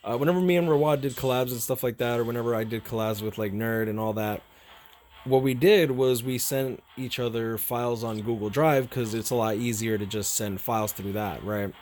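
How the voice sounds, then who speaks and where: Young male streamer, mid pitch, rambling, emotional, curses casually, faint hiss behind. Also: steady tone, a little mellow. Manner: rambling, repeats himself, swears freely; emotional, halting. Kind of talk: casual storytelling to viewers.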